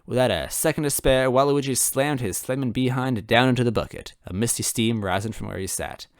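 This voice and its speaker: A man's voice: medium pitch, fairly quick, no room sound, studio quality. A man reading fan fiction aloud in first person, adding wry asides to the listener. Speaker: story reader.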